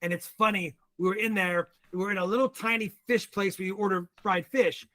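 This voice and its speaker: High-voiced, animated American man. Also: brisk. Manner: animated storyteller. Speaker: guest. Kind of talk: casual livestream chat.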